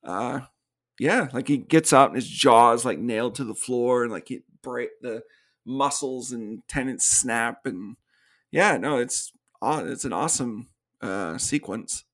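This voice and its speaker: A podcast co-host chats casually about a film, recapping its plot while acting out the characters' lines and laughing a lot. His voice sits in the mid-range, fairly bright in tone, and he keeps a measured pace.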